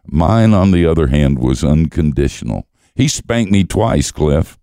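A man's voice: a bass voice, expressive, measured pace, dark tone, no room sound, clean studio sound. An older man, a guest teacher, telling stories in conversation with wry, self-mocking humor and frequent chuckles. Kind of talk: storytelling conversation.

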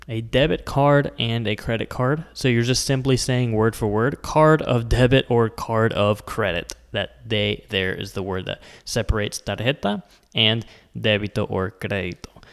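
A man from the United States teaching Spanish words in a patient, explaining lesson, slowing down to spell out each word. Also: on the low side, gravelly, smooth, long reverb tail. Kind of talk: scripted language lesson.

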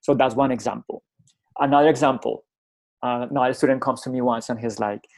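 A man's voice: mid-range voice, a little fast. Middle-aged guy from colombia, spanish is his first language, tells stories and acts out both sides, keeps saying "right?". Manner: animated, acts out dialogue, frequent tag "right?". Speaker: college instructor and guest. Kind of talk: conversational storytelling.

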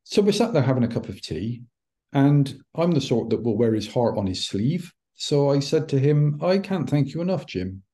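Middle-aged guy telling a story, voice jumps all over, mellow tone, acts out who said what. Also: medium pitch, moderate pace. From United Kingdom. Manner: animated, acts out quoted dialogue. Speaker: podcast guest, hypnotherapist. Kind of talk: anecdotal storytelling.

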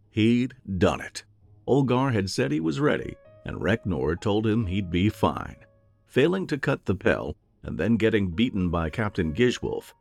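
A man narrating a fantasy audiobook in an expressive storytelling manner. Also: on the low side, creaky.

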